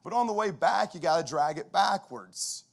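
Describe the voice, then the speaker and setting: A middle-aged man, a football coach, giving a conversational storytelling talk at a chapel, lively and full of restarts. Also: high voice, normal speed, gravelly.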